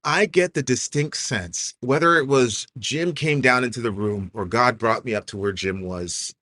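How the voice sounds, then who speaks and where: A man in an interview earnestly telling a personal faith story, halting and restarting often with "like" fillers. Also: mid-range voice, pushed and bright, no echo. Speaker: interview guest. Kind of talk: emotional personal testimony.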